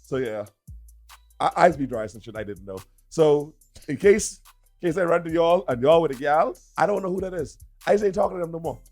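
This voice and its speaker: A man's voice: on the high side, a little fast, soft background music. A man co-hosting a radio show, telling stories in casual banter and laughing a lot, into a studio microphone. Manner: animated storytelling with lots of laughter.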